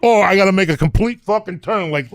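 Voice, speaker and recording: A man co-hosting a comedy podcast, telling profane, animated stories in rant after rant. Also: sits high, quick pace, dry recording, studio quality. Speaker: podcast co-host.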